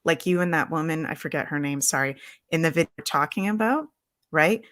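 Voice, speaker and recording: A woman on a livestream video call, speaking earnestly and guiding a slow, soothing breathing visualization. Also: low voice, lively intonation, fairly bright tone, no room sound, clean studio sound. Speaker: spiritual guest. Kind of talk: guided visualization.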